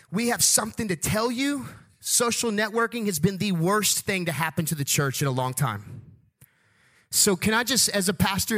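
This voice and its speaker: A male pastor with a high, bright voice, preaching in a church. He delivers the sermon with energetic, conversational flair and keeps throwing rhetorical questions at the congregation. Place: church sanctuary.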